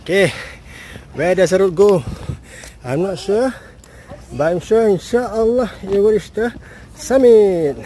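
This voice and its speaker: A man's voice: sits high, expressive, measured pace, long pauses, dark tone, slight background noise. A man, casually talking to the camera while climbing steps outdoors, a bit out of breath. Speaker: outdoor educator vlogger. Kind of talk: casual vlog narration while hiking. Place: outdoors on a hillside trail.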